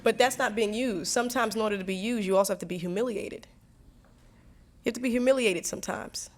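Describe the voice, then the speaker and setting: A young woman answering students' questions in a candid talk, animated and laughing, acting out quotes as she tells stories. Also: mid-range voice, fast talker. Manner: animated storytelling, acts out quotes; warm, frequent laughs and restarts.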